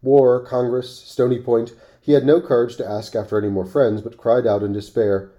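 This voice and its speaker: A man reading a classic story aloud on his podcast, expressive, with offhand asides. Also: mid-range voice, moderate pace, few pauses, muffled recording.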